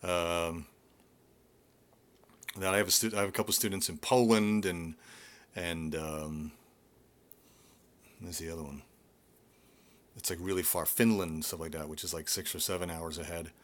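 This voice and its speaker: A man's voice: low voice, fairly even intonation, normal speed, pauses often. A middle-aged man, a vocal coach, chatting casually on a live stream from home, rambling with many fillers and restarts.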